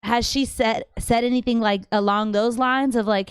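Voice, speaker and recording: A woman hosting a casual livestream from home, reading viewer questions and answering them in a chatty, animated way with slangy asides. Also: fairly high pitch, normal speed, hardly any pauses, smooth, no echo, studio quality. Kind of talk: casual live chat.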